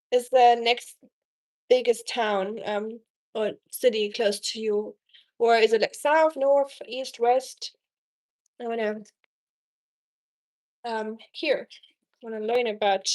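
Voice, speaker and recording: Her tone is darkish and her pitch fairly high. She's a young woman from Germany hosting a casual cooking live stream, chatting with viewers, reading the chat aloud and using many ums.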